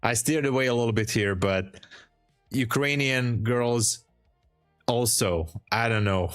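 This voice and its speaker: A man's voice: mid-range voice, unhurried, fairly bright tone, faint music behind. A man hosting a live trading stream, chatting casually with viewers, laughing often and giving encouraging advice. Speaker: trading livestream host.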